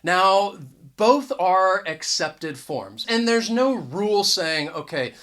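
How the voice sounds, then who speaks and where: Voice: mid-range voice, lively intonation, slow pace, a bit bright. An English teacher giving a casual video lesson to camera, talking in a conversational way, often restarting words and stressing the key points. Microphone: camera mic.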